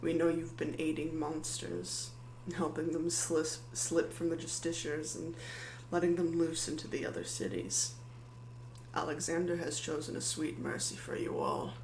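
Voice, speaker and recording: A game master voicing a towering, cold armored male paladin who speaks quietly with measured menace. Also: mid-range voice, vocal fry, roomy sound, a little hiss or hum, rough recording. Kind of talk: tabletop role-play voice.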